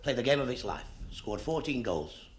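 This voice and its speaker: A man telling stand-up jokes in quick succession, putting on voices for the characters. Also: medium pitch, very animated. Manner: rapid-fire gags, puts on voices for the characters. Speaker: stand-up comedian. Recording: hissy old TV recording.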